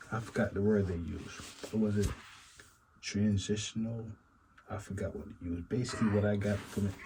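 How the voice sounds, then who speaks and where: A man with a very deep, mellow voice talks through a casual reaction commentary. He rambles and muses, circling back to the same asides over and over. A faint background hiss sits under his voice. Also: rough recording. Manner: rambling, repeats stock phrases, musing asides. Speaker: commentary channel host.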